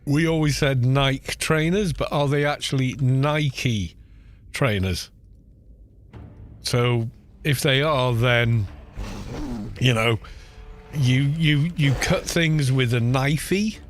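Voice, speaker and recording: A man's voice: medium pitch, slow, soft background music. A British man chatting casually and laughing often while live-streaming a game, teasing how words are pronounced. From Britain. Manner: chatty, amused, laughs often, mocking put-on pronunciations.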